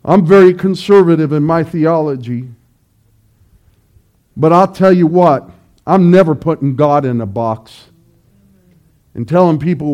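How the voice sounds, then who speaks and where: High-voiced, slow-preaching man. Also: expressive. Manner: emphatic preaching, rising to loud pleading cries. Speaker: pastor. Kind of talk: sermon.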